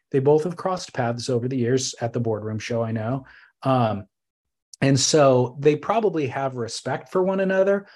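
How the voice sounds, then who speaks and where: Animated man talking surfboards. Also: mid-range voice. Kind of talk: casual chat.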